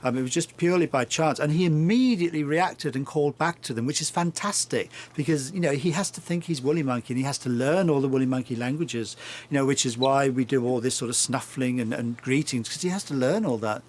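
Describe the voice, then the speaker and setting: A man's voice: medium pitch, brisk, a little mellow, a little hiss or hum. Hesitant male animal keeper. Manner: hesitant, full of restarts and fillers. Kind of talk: casual interview.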